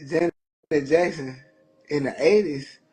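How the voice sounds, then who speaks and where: A man's voice: a little high, unhurried, darkish tone. A man co-hosting a podcast, talking in a laid-back, slangy way and often repeating himself. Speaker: podcast co-host. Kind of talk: casual chat.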